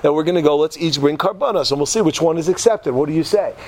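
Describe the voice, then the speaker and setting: A man's voice: on the high side, quick pace, darkish tone, lightly acted. A man voicing a brash prophet who throws down a challenge with slangy, cocky taunts.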